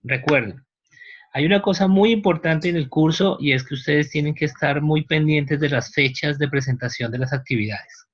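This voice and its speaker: A man's voice: on the high side, fairly quick, highs cut off. A man, a teacher giving a university lecture, explaining patiently and often checking that students follow. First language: Spanish.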